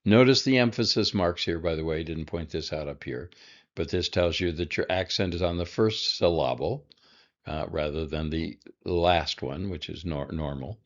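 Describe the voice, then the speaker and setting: A man teaching a recorded language lesson, halting with many fillers and dropping in dry asides. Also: sits low, highs cut off. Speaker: Hebrew teacher.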